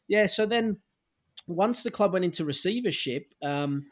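An Australian man in his forties, a guest on a chat podcast, relaxed and anecdotal. His voice sits a little higher than most men's. He talks candidly, with plenty of fillers and the odd swear word. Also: unhurried. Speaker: podcast guest, former footballer.

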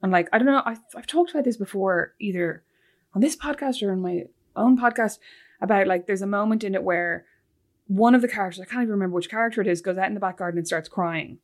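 A woman in her thirties co-hosting a podcast, chatting casually and telling animated stories full of "like.". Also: medium pitch, quick pace. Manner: animated, tells stories with lots of "like". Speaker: podcast co-host. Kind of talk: casual chat.

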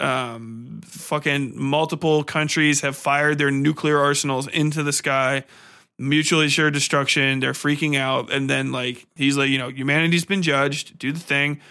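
Male podcast host, young adult, loose profane rambler, bright, slightly high voice. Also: smooth. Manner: profane, rambling, animated storytelling with sung bits. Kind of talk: casual film review rant.

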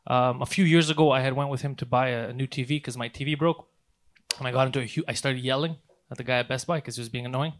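A man's voice: medium pitch, quick pace. A man co-hosting a podcast, telling a profane story in casual chat and acting out the quotes. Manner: animated, profane, acts out quotes. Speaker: podcast co-host.

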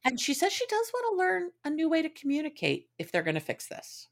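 A woman's voice: high-pitched, wildly swooping pitch, brisk, gravelly. A woman co-hosting a casual recap podcast, offering reflective takes drawn from her own therapy and emphatic agreement. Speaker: podcast co-host.

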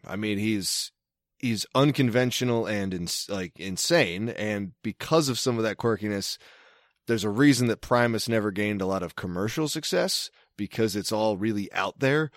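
Wry, rambling man with a lowish voice. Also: animated, measured pace, no echo, clean studio sound. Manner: rambling and wry, with frequent fillers and restarts. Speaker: podcast co-host. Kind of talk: casual chat.

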